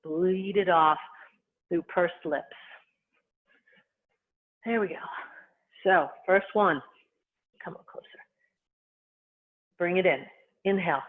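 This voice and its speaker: A qigong instructor guiding movement and breathing, giving calm, unhurried cues in short phrases. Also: mid-range voice. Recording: tinny phone-like sound.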